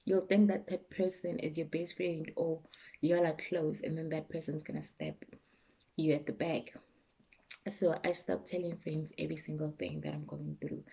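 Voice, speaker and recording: Husky low-voiced South African woman. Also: animated, moderate pace. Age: young adult. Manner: candid and emotional, soft and low at times. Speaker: YouTuber. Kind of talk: personal vlog chat.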